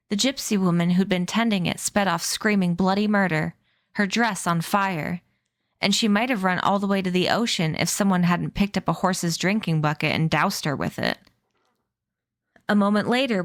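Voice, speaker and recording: A woman streamer narrating a novel aloud in a steady, even reading voice. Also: lowish voice, dry recording, clean studio sound. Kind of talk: read-aloud storybook narration.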